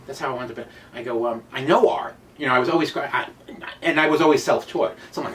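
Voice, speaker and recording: A man's voice: mid-range voice, far from the mic, a little hiss or hum. A man from Brooklyn, telling stories as a comedian guest, with lots of fillers. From Brooklyn, New York. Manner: fast, animated, lots of fillers. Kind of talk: casual storytelling chat. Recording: voice a bit off-mic.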